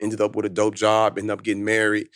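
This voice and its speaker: A motivational speaker on a podcast tells his story in casual conversation, talking fast in a lowish voice. His storytelling is animated and full of street slang, and the studio recording is clean with no room sound.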